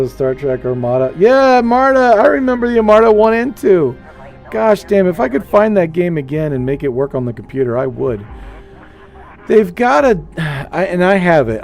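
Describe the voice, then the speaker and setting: A man chatting casually while streaming a space game, rambling and animated as he tells stories. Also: fairly high pitch, normal speed, gravelly, soft background music. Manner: rambling, animated storytelling with playful put-on voices. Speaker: gaming streamer. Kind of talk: casual gameplay chat.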